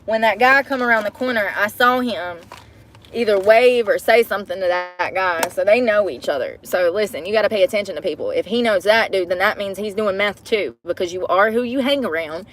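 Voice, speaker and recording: A woman's voice: medium pitch, fairly quick, a bit bright, slight background noise. A woman vlogging to a phone camera from inside her parked car, chatty and profane, breaking into laughter often. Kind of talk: casual chat to camera.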